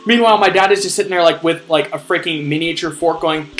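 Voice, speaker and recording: Young man ranting, higher voice, light music. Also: quick pace, hardly any pauses. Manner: animated, swearing, acts out inner voice. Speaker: vlogger ranting. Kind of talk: comedic rant.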